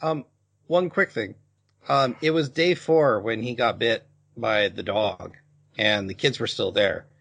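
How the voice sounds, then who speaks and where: A man's voice: lowish voice, measured pace, creaky, a bit bright. A man co-hosting a podcast, chatting casually and chiming in with corrections. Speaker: podcast co-host.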